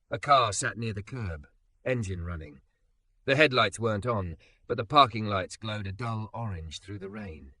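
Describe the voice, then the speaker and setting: A male storyteller reading a scripted romance in a dramatic, measured manner. His voice is low and bright, with lots of rise and fall. It is recorded dry and close. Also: no echo. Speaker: narrator.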